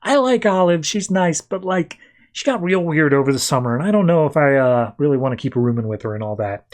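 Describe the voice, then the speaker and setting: A man's voice: a little high, lively intonation, brisk, a little mellow, lightly acted. A man voicing a gossipy teenage girl roommate who talks hesitantly.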